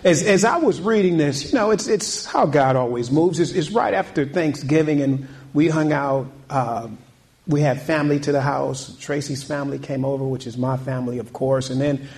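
A man's voice: a little high, normal speed, a little mellow. A male pastor preaching a sermon, repeating key points and asking the congregation questions. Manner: preaching with rising intensity and repetition; asks the congregation questions and calls out amen.

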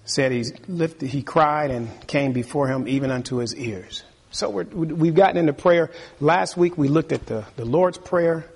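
A man's voice: fairly high pitch, normal speed, few pauses, darkish tone, husky. A male pastor preaching a sermon, reading scripture aloud and calling out to the congregation for responses.

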